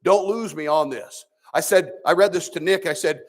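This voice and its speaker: A man's voice: fairly high pitch, moderate pace. A man, a pastor, teaching a Sunday school sermon in a preachy, conversational way with sarcastic asides.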